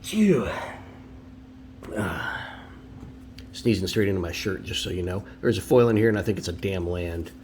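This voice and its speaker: A man's voice: low-pitched, animated, moderate pace, long pauses, a little mellow, a little hiss or hum. A man hosting a casual card-opening video at home, chatty and opinionated, with rambling asides. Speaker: card collector and video host.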